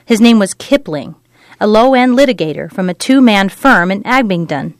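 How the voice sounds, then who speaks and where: A woman narrating a novel in an even, measured storytelling read. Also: medium pitch, dry recording. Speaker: audiobook narrator. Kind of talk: scripted narration.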